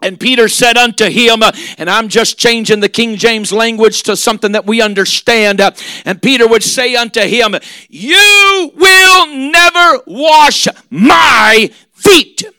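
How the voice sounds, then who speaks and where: A man preaching a sermon, emphatic, drawing out and shouting key lines, with many "uh"s and "amen"s. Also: high voice, steady tone, moderate pace, clear, resonant tone, dry recording. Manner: emphatic, punctuated with frequent "uh" and "amen".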